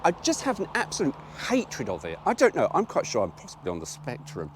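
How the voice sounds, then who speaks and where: A man's voice: on the high side, wildly swooping pitch, a little fast, slight background noise. Rambling British man reviewing a car. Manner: rambling, frank, swears freely. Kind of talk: casual driving vlog. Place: inside a moving car. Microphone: GoPro camera.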